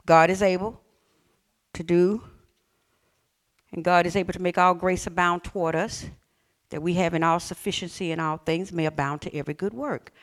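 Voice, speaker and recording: A woman preacher delivering an exuberant Pentecostal-style sermon, calling out to the congregation, swinging between shouts and hushed scripture reading. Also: lowish voice, steady tone, moderate pace, pauses often. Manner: calls out and has the congregation repeat lines.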